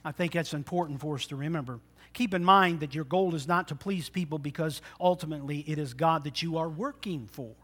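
A preacher giving a conversational sermon in church, often asking the congregation questions. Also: male voice, fairly high pitch, brisk, a bit bright.

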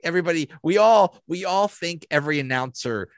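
A man's voice: a little high, expressive, brisk, dry recording, clean studio sound. A man hosting a podcast, chatting casually and joking, often stammering and repeating words. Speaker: podcast host. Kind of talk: casual chat.

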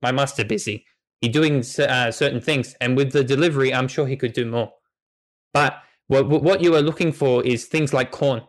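A man's voice: mid-range voice, moderate pace, natural voice. A man voicing an eager, loyal male farm dog who speaks in simple, broken sentences and pleads for help. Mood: pleading.

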